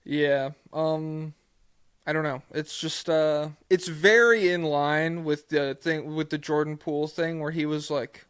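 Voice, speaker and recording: A man's voice: on the high side, fairly even intonation, unhurried, fairly bright tone, clean tone, no echo, studio quality. A man co-hosting a casual sports podcast, laughing often and slipping into mocking voices. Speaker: podcast co-host.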